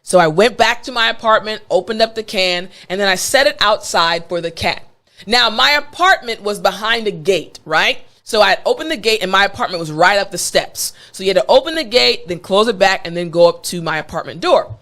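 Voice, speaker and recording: A woman's voice: medium pitch, expressive, brisk, fairly bright tone. A woman with an American accent, an English teacher telling a story in a playful, conversational way. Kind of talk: storytelling lesson.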